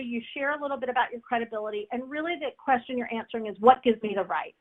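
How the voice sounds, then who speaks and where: A woman teaching a webinar on public speaking, energetic and repetitive, often asking "right?" to check in. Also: high voice. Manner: energetic, repeats key phrases, says "right?" often. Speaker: speaking coach. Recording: tinny phone-like audio.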